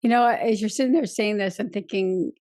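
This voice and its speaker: A woman's voice: mid-range voice, fairly quick, a little mellow. A woman hosting a podcast conversation, frank and chatty. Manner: frank, chatty, laughs along. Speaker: podcast host.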